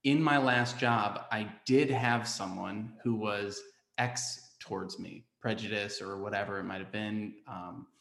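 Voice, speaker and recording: A man with a fairly low voice hosts a casual podcast chat, thinking aloud with frequent "um" and "right?". His voice carries a roomy echo. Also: fairly even intonation, measured pace, gravelly, fairly bright tone. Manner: reflective, loose, many fillers and "right?".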